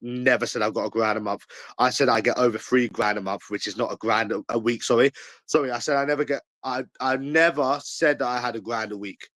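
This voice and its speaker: A man with a London accent, ranting angrily to camera in a repetitive, jeering way that breaks into shouts. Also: mid-range voice, a little fast, no room sound, low-quality recording. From England. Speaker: channel owner. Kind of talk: angry ranting monologue to camera.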